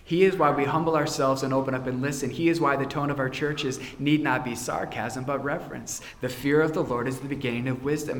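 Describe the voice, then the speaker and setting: A man preaching in a church, his voice carrying through an echoing sanctuary with a faint hum of ambience behind him. His delivery is earnest and measured, and he drops low and quiet to press home his points. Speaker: pastor. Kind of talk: sermon. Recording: roomy church echo.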